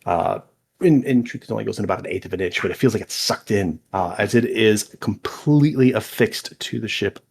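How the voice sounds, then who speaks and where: A man narrating a tabletop game as game master in a relaxed, descriptive way with small hesitations. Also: on the low side, a little fast, gravelly, a little hiss or hum.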